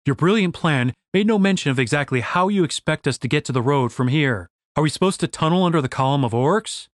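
A man's voice: on the high side, animated, a little fast, no echo, lightly acted. A man voicing a snarky, mocking male elf in a fantasy audiobook, dry and sarcastic.

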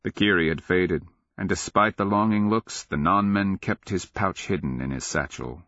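A man narrating a fantasy audiobook in a measured, grave, steady reading, in a dry and slightly dull studio recording. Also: low-pitched, no room sound. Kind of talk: scripted narration.

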